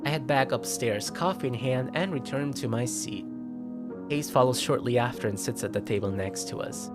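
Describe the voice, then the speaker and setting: A man streaming himself reading a visual novel aloud, expressive, with sudden yelps and laughs. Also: medium pitch, normal speed. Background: game music.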